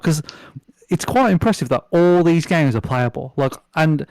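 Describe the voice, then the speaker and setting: A man's voice: a little high, animated, moderate pace, darkish tone, no echo. A man chatting casually as a podcast guest, rambling with lots of fillers, restarts and swearing. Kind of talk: casual chat.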